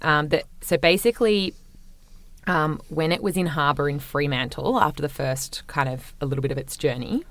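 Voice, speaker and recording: A woman's voice: deep voice, steady tone, normal speed. A young Australian woman co-hosting a podcast, telling a story in a chatty, swearing, laughing way. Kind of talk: casual chat. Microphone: podcast microphone.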